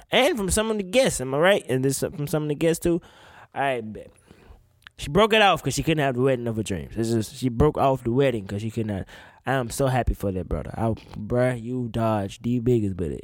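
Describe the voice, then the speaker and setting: A man's voice: mid-range voice, a little mellow, no room sound, studio quality. A man ranting casually on a podcast, incredulous and swearing often, a bit tipsy. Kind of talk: casual opinion rant.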